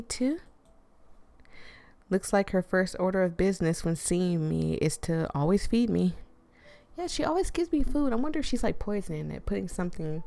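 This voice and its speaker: A woman's voice: on the low side, vocal fry, mellow. A woman playing a horror visual novel, reading the narration aloud and breaking off into chatty, rambling asides. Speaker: gaming streamer.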